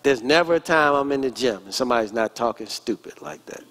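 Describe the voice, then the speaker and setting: A man's voice: mid-range voice, lively intonation, quick pace, fairly bright tone. A pastor in his forties preaching a sermon in church, emphatic and calling out to the congregation. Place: church sanctuary.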